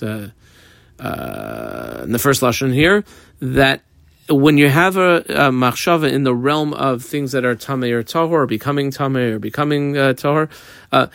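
A man works through a Talmud page, reading a phrase and then unpacking it in plain, casual English. His voice sits at a middle pitch with a gravelly, creaky edge, and the recording is dry and close. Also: a bit bright, no echo. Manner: reads Aramaic phrases then explains them in English, with frequent ums. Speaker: Talmud teacher. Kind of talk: Talmud lesson, reading and translating.

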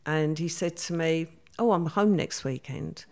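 An older woman with a low, somewhat mellow voice tells her story at a measured pace as an interview guest. She speaks plainly and acts out the dialogue she quotes from other people.

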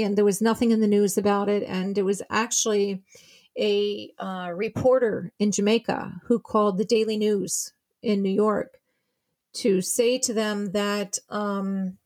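A woman, a bereaved mother, telling her story as a guest, quoting the people involved and sounding shaken as she retells it. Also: mid-range voice. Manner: retelling events with quoted dialogue, shaken. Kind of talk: emotional personal account.

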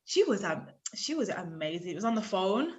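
A woman in her thirties, a journalist guest on a podcast, telling her story in an animated, casual way, acting out other people's lines and laughing often. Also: mid-range voice, a little fast.

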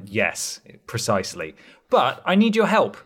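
A man's voice: medium pitch, huge pitch swings, a little slow, fairly bright tone, husky. A man hosting a casual podcast chat, joking and narrating a story. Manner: jokey, reads a story aloud as narrator. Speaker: podcast host.

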